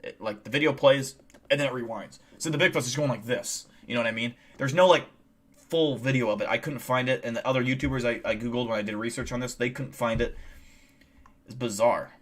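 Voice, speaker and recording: A man's voice: medium pitch, a little fast, a bit bright. A young man streaming live, chatting casually and telling a rambling, profane, boastful story.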